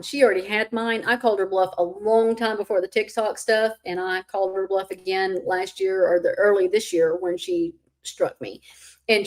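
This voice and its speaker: A woman hosting a casual livestream chat, speaking candidly and sometimes with rising emphasis, a little stuffy from allergies. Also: medium pitch. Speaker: host.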